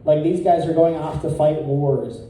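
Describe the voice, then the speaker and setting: A male stand-up comedian doing a crude deadpan set, chuckling at his own jokes. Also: on the high side, normal speed, a little hiss or hum. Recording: echoey room, picked up from a distance.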